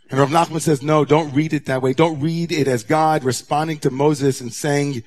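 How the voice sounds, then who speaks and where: A man, a rabbi, preaching a sermon to his congregation, moving from hushed near-whispers to raised, intense passages. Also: on the high side, normal speed, few pauses. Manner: dramatic, swings from hushed to raised voice.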